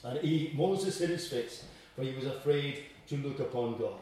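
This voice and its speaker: A man preaching a sermon in an earnest, emphatic way, rising in pitch and force to stress his points. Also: moderate pace, darkish tone. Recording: echoey hall from far off.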